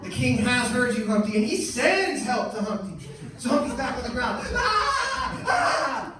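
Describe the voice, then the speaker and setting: A man in his thirties from Canada performing an animated stand-up comedy set on a club stage, storytelling with sudden shrieking character voices. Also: extremely high pitch, moderate pace, over a noisy crowd. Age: 30s. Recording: echoey club, distant mic, loud audience noise.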